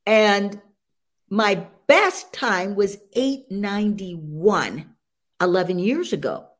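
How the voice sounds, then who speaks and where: An older woman, a senior sprinter, telling her story as an interview guest, animated and laughing often as she talks. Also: mid-range voice, slow pace.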